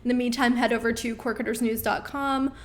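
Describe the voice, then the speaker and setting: A young woman hosting a casual live-stream Q&A, reading viewer questions aloud and answering in a friendly way with frequent ums, her voice getting worn as she keeps clearing her throat. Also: a little high, steady tone, fairly quick.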